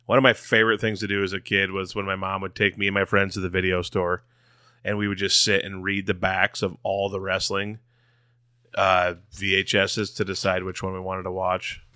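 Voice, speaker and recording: A male podcast co-host from Iowa talks in a laid-back, jokey way. His low voice has a bright, forceful edge. It is recorded dry and close. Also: completely flat delivery, normal speed, clean tone, dry recording. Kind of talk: casual chat.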